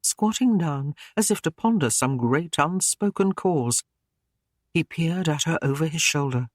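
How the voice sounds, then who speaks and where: A male narrator with a fairly high voice reads a historical romance at a measured, even pace. The recording is close and dry, with no room sound. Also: dry recording. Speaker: audiobook narrator. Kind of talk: scripted narration.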